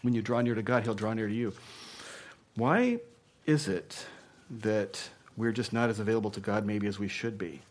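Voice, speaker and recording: A man preaching a sermon as pastor, speaking conversationally and punching key words loudly before dropping to a hush. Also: lowish voice, expressive, normal speed. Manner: emphatic, swinging between punchy loud lines and hushed asides; conversational, with frequent "you know".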